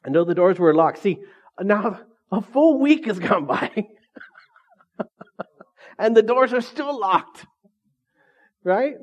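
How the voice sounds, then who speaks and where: A man preaching a sermon as pastor, casual and energetic, full of questions to the congregation. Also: high-pitched, takes it slowly, long pauses, dull audio.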